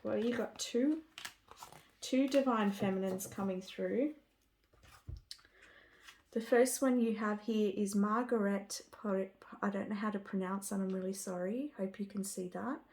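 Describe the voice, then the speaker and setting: A woman's voice: mid-range voice, fairly even intonation, unhurried, darkish tone. A woman giving a spiritual card reading to camera. She talks with gushing enthusiasm and often trails off and restarts. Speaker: tarot card reader.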